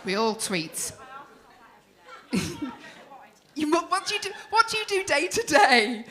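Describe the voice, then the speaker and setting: A woman's voice: high-pitched, sing-song, unhurried, a bit bright. A woman hosting a comedy club night, teasing the crowd in brash, sweary banter. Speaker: stand-up comedy compere. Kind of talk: stand-up crowd work.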